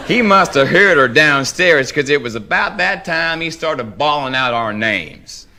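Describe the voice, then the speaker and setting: A man with a Southern US accent giving a live dramatic reading of a first-person story in a slow, wry drawl. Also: medium pitch, noisy background. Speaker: reader.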